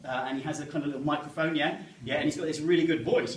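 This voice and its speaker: A man's voice: fairly high pitch, lively intonation, quick pace, hardly any pauses, slight background noise. A man, doing chatty, self-mocking stand-up and joking with the audience. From England, Medway Towns in Kent. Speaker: stand-up comedian. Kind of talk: stand-up comedy to a live audience. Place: live comedy room with an audience. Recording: roomy sound, mic at a distance.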